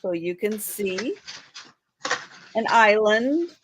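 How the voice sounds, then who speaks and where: Unhurried woman showing art for sale. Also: mid-range voice, expressive, noisy background. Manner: slow, explaining and correcting pronunciation. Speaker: live sale co-host. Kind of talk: showing items on a live sale.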